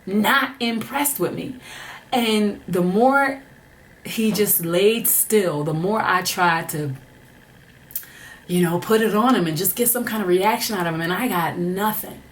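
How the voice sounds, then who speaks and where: A woman's voice: medium pitch, unhurried. A young woman telling a candid personal story in a chatty, frank way, full of "like" fillers and restarts. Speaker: vlogger.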